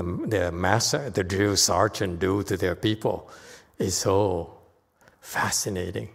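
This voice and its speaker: A man's voice: fairly low pitch, gravelly, in a large hall. A man teaching a sutra class as a Buddhist teacher, playful and laughing often between points.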